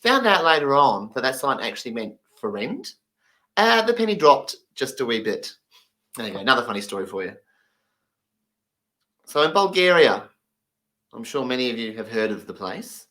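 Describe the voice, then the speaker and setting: Animated man telling funny stories. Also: mid-range voice, normal speed, pauses often. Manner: animated, acts out the people in his stories. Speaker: comedian. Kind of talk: comedic storytelling.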